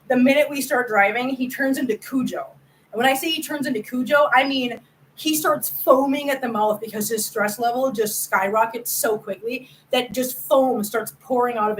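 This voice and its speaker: A woman with a somewhat high voice hosts a relaxed livestream and talks straight to her viewers. Her delivery is chatty and emphatic, with easy laughs and repeated phrases. Faint ambient noise sits behind her. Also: rough recording. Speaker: host of a cat channel. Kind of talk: casual livestream chat.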